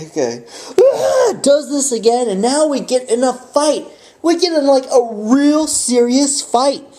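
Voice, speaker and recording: Male vlogger, casual storyteller, lively dramatic delivery with a soft, dark tone. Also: on the high side. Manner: animated, acts out the fight with sound effects.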